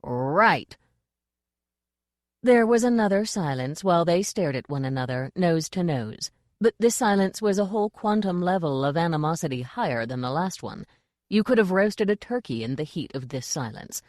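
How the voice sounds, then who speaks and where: A woman reading a comic fantasy audiobook in an even, dry storytelling delivery on a close mic. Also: fairly low pitch, moderate pace, no room sound. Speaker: audiobook narrator. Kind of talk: scripted audiobook narration.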